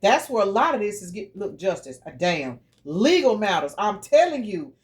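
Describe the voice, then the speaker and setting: A woman's voice: mid-range voice, sing-song, moderate pace. A middle-aged woman giving a casual tarot reading, blunt, profane and preachy. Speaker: tarot reader.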